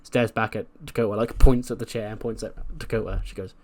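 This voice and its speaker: A man's voice: fairly low pitch, steady tone, brisk, a little mellow. Male game commentator, casual chatty recap, lots of fillers. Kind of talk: casual narration of a wrestling sim run.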